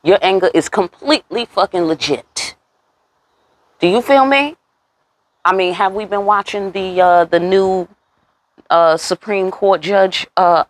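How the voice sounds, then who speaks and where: Sassy woman giving a tarot reading. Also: dry recording. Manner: sassy, talks straight to viewers, curses freely; swoops up in pitch on rhetorical questions. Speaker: tarot reader.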